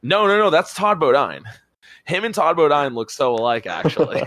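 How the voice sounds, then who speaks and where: A man telling a rambling, excitable story as a podcast co-host, swearing casually. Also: a little high, normal speed, dry recording. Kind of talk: casual chat.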